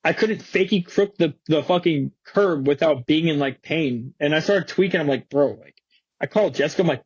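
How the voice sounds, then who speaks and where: Young male skater guest, husky, slangy storyteller, dull dry studio audio. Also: a little high, moderate pace, dry recording. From Florida. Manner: slangy, animated, swearing, many fillers. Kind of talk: casual storytelling.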